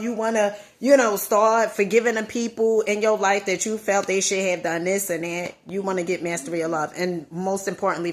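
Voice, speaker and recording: A woman with a Southern accent giving an emphatic motivational talk to her viewers, repeating key phrases for effect. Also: medium pitch. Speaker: motivational vlogger.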